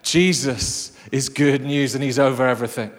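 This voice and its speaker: A man preaching a lively, jokey sermon to a live congregation. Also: medium pitch, normal speed. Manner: enthusiastic, jokey storyteller. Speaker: pastor. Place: church hall with a live congregation. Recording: long reverb of a large hall.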